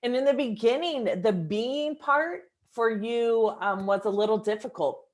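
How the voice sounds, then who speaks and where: Woman, 50s, host and coach, reflective, measured, affirming. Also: fairly high pitch.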